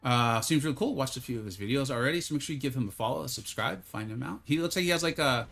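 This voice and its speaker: A man streaming a mobile fighting game live, chatting casually with his viewers, joking at his own expense, and sometimes slipping into a mock infomercial pitch. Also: expressive, fast talker, creaky, fairly bright tone. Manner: chatty, self-deprecating, bursts into mock infomercial hype. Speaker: gaming streamer.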